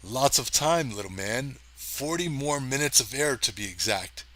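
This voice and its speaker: A man voicing a huge, brawny male space ranger in a storybook reading, gruff and teasing, in a mostly plain voice. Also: mid-range voice, lively intonation, unhurried, fairly bright tone, rough recording. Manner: gruff, teasing, meant as Irish but plain.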